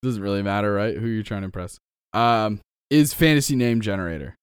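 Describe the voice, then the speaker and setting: A man co-hosts a podcast about game mastering and chats casually, handing out tips with frequent laughs. His voice sits low and sounds smooth and clear. The recording is close and dry. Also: brisk, no echo. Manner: chatty, laughs often, advice-giving.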